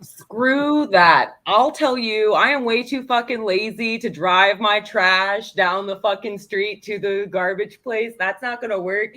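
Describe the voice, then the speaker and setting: A woman co-hosting a casual chat, blunt and quick to swear, then apologizing for interrupting. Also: mid-range voice, bright, forceful tone. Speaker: podcast co-host.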